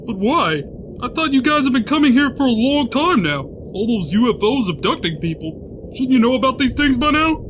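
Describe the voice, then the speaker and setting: Man voicing a frightened store manager, very high pitched, lively, noisy recording. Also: normal speed. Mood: bewildered. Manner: panicked questioning, flustered. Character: bewildered male store manager, abducted.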